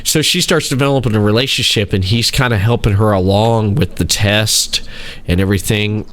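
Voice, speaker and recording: A man hosting a podcast, chatting and retelling scenes in a lively way. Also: lowish voice, moderate pace. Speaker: podcast host. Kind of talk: casual chat.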